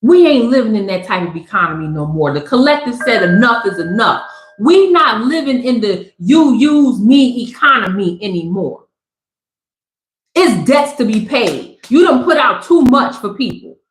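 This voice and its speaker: A woman's voice: fairly high pitch, big pitch swings, moderate pace. Slangy, preachy woman tarot reader, echoey room. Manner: loud, slangy, preachy and joking. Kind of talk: live tarot reading. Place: Southern California.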